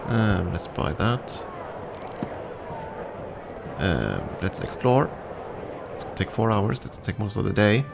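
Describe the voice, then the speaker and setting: A man's voice: on the low side, sing-song, unhurried, vocal fry, long pauses, background noise. A man casually commenting on a story game and reading its text aloud, thinking aloud with frequent ums. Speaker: game streamer.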